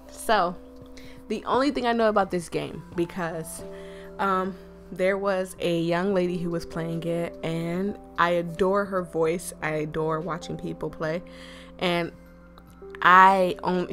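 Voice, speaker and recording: A woman hosting a gaming video, chatting to her viewers and reading a dating game aloud, slightly hoarse, laughing and clearing her throat as she goes. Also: lowish voice, a bit bright.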